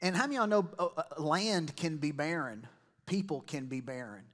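Pastor preaching with casual asides. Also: male voice, fairly high pitch, animated, brisk, fairly bright tone. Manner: conversational preaching with asides and quoted voices. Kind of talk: sermon. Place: church.

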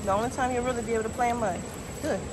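Woman vlogging at a lake, high bouncy voice, lots of outdoor noise around. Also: rapid-fire. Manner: animated, coaxing talk to her dog. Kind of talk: casual outdoor vlog.

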